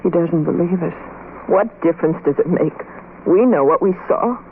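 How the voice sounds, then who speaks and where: A woman's voice: on the low side, normal speed, lightly acted. An actress playing a frightened, pleading young working woman in a 1930s radio play, heard through a tinny, hissy old broadcast. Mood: anxious. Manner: anxious, pleading.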